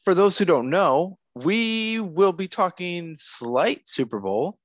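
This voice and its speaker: A man's voice: high voice, slow, dry recording. A man co-hosting a podcast in casual, chatty conversation. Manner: animated, chatty. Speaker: podcast co-host. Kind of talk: casual chat.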